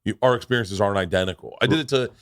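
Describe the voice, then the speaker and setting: A man's voice: fairly low pitch, very fast, no room sound, clean studio sound. Swearing, storytelling podcast host man. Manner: animated storyteller, swears a lot, acts out voices in anecdotes. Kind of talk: casual podcast chat.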